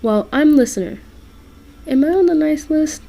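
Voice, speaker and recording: A woman's voice: high voice, lively intonation, moderate pace, creaky, warm tone, pitched above the performer's own voice. A woman voicing a curious, eager young listener character in a fan-made story.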